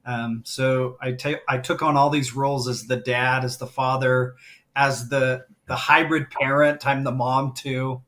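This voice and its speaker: A man's voice: medium pitch, flat delivery, unhurried, fairly bright tone. A middle-aged man speaking as a guest on a live stream, telling a heartfelt story and getting emotional as he talks. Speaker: guest, grief coach.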